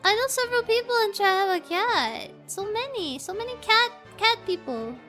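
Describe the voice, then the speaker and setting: A woman's voice: extremely high pitch, animated, moderate pace, pushed and bright. A woman streaming a game and chatting casually with her viewers, reacting to the game and to chat as she plays. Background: faint game music.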